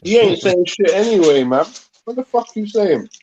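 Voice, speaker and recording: A man jeering at the guest on a live online panel, his remarks dismissive and insulting. His voice sits high for a man and comes through a dull, lo-fi line. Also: expressive, normal speed, darkish tone. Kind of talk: heated live panel argument. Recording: dull lo-fi call audio.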